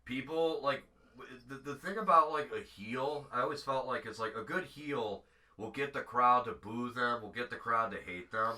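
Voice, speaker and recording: A man's voice: medium pitch, moderate pace, bright, forceful tone. A man hosting a casual podcast chat, enthusiastic and swearing often. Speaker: podcast host.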